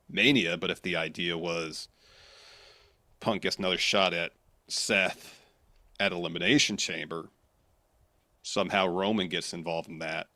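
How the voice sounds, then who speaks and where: Deep, bright-edged man speculating. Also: no room sound. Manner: speculative, thinking aloud. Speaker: podcast co-host. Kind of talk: casual wrestling recap.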